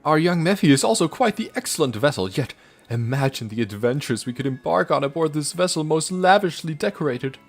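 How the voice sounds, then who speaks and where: A man voicing a grandiose woman in a raised, high voice, with pompous, flowery phrasing. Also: animated, fairly quick, soft background music.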